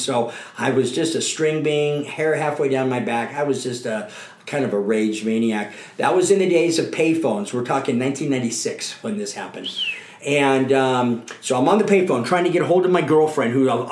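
A middle-aged man giving a candid, earnest account of his own past in an interview. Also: mid-range voice. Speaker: guest. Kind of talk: personal recovery testimony. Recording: roomy echo.

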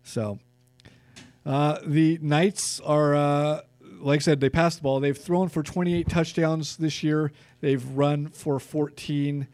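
A man's voice: fairly high pitch, fairly even intonation, slow, darkish tone, dry recording. A man co-hosting a sports podcast, chatting casually and reeling off player stats with plenty of fillers.

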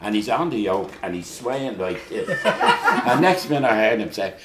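A man's voice: on the low side, expressive, moderate pace, very noisy. An older man telling laughing anecdotes in a casual chat. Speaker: guest telling stories.

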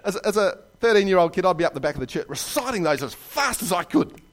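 A man preaching a sermon in a church, telling jokes and stories with lively asides. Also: sits high, quick pace. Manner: animated storytelling with jokes and asides. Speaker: pastor.

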